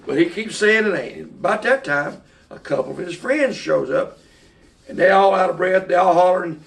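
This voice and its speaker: A man's voice: sits high, normal speed, creaky, recorded from a distance. A man from South Carolina telling a folksy story, rambling along with restarts and asides.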